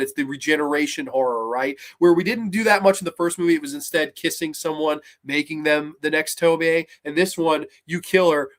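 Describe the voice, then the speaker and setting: A man hosting a horror show, reviewing films in an excited, rambling, profane way. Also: fairly high pitch. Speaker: horror podcast host. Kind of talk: casual film review.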